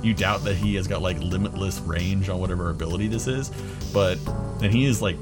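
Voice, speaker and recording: A man's voice: low voice, brisk, over music. A young man narrating as game master, loose and full of fillers.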